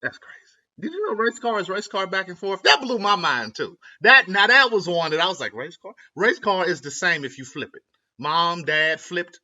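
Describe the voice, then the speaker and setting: A man's voice: sits high, animated, normal speed, sharp tone. A young man from Ohio rambling casually to camera, slangy and self-interrupting, laughing at his own jokes. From Ohio, USA. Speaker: vlogger. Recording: lo-fi dull audio.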